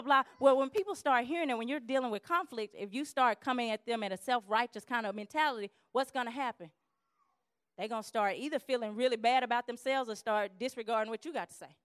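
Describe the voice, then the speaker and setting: A woman giving a lively church teaching on conflict, acting out quarrels in quick voices. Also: on the high side, no room sound, clean studio sound.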